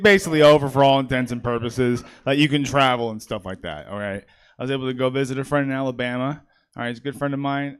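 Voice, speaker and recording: A man's voice: medium pitch, clear, resonant tone. A man doing a stand-up set on a comedy stage, rambling and self-mocking, checking in with the crowd often. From California. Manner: rambling, self-mocking, frequent "all right?". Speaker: stand-up comic and emcee.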